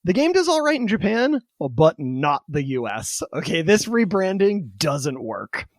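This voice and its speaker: A man hosting a casual podcast, telling a story in an animated, swearing, chatty way. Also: fairly high pitch, unhurried, no room sound.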